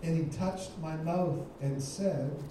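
A man's voice: on the high side, takes it slowly, far from the mic, background noise. Emphatic preacher man in an echoey church. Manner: emphatic, repeats key phrases. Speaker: guest preacher. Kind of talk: sermon. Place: church sanctuary.

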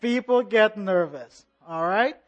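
A pastor preaching a sermon with rhythmic repetition and call-and-response, in a measured, emphatic delivery. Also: medium pitch, animated, dull audio.

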